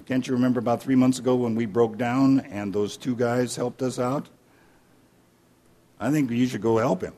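A man's voice: medium pitch, fairly even intonation, normal speed, dark tone, close to an everyday voice. A preacher playing a practical wife who reasons with her husband. She is voiced in his own everyday tone, plain and persuasive, as a figure in a joke told from the pulpit.

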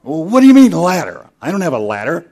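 A man's voice: mid-range voice, animated, moderate pace, close to an everyday voice. A man doing an exasperated pet-store customer. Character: frustrated male pet-store customer, complaining.

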